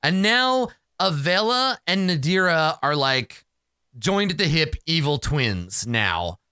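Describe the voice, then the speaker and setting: A man narrates his solo tabletop game in a slow, animated voice that swings up and down, cursing at bad rolls as he goes. His tone is bright and a little sharp, and the sound is dry and close to a desk mic. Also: a little high, smooth, dry recording. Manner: excitable, swears freely, talks to himself.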